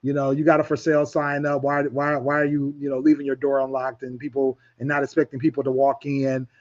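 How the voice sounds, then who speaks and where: A man's voice: mid-range voice, little pitch movement, brisk, darkish tone, lo-fi sound. A man hosting a talk radio show in casual chat, rambling with many restarts.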